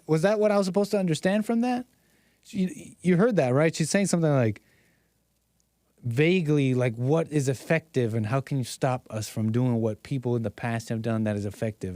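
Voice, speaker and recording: A man's voice: medium pitch, a little mellow, no room sound, studio quality. A man hosting a stream, giving sarcastic, rambling commentary on news clips. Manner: mocking, rambling, incredulous.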